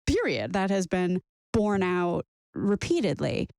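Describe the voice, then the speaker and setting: A woman hosting a podcast interview, chatty and quick with asides. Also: on the low side, very animated, vocal fry, darkish tone, dry recording, studio quality. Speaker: podcast host.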